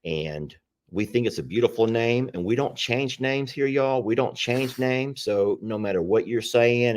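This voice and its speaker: A man's voice: lowish voice, unhurried. A man hosting a casual livestream chat about his animal sanctuary, talking in a rambling, repetitive way. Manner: rambling, chatty, repeats himself.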